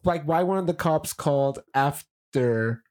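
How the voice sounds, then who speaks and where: A woman with a notably low voice chatting casually as a podcast co-host. She steers the conversation with questions, often restarting her sentences and laughing along. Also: a little slow, darkish tone. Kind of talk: casual chat.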